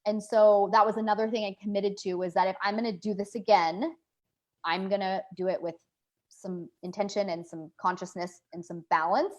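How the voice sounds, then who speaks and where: A woman's voice: mid-range voice, steady tone, moderate pace, darkish tone. A woman who is a guest on a business call, speaking in an earnest, reflective way. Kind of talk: casual business call chat.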